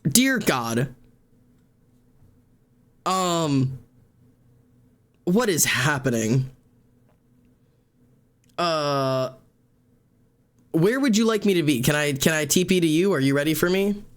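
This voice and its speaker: A man's voice: on the high side, animated, slow pace, long pauses. A man live-streaming, chatting casually and rambling while gaming, swearing freely and laughing often into a desk microphone.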